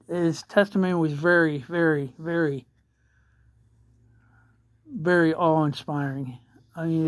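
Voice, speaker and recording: A man who is a chaplain, talking casually in a morning video update, sleepy and yawning, halting as he searches for his words. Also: on the high side, no echo.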